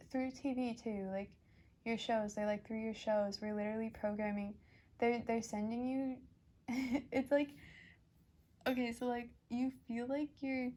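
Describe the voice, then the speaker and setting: A woman's voice: medium pitch, mellow. A young woman giving a casual pick-a-card reading as a tarot reader, chatty and rambling with many fillers and restarts. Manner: emotional, gushing.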